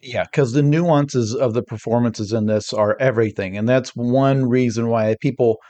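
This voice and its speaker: Man, podcast guest, mellow warm tone, animated rambling delivery, lots of restarts. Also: mid-range voice, moderate pace. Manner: rambling, energetic, frequent restarts. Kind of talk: casual podcast discussion.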